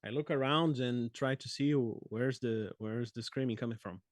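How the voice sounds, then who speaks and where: A man's voice: medium pitch, moderate pace, dry recording, clean studio sound. A man playing a tabletop role-playing game, speaking hesitantly and often restarting his sentences. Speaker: player. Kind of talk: casual tabletop role-play.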